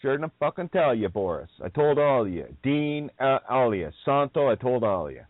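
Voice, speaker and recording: A man's voice: mid-range voice, very animated, brisk, no room sound. A man hosting a radio talk, speaking bluntly and nonchalantly, drifting off topic and swearing. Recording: dry tinny phone-quality audio.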